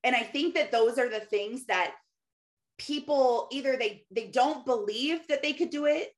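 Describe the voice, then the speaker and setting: A woman's voice: fairly high pitch, a little slow. A woman in her thirties giving a casual, earnest faith-based encouragement talk, laughing often and quoting scripture. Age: 30s.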